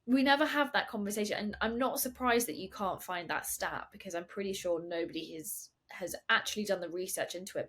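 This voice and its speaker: A woman hosting a podcast, chatting in an animated way with quick asides and dry sarcasm. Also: medium pitch, slightly rough. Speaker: podcast host. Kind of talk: casual interview talk.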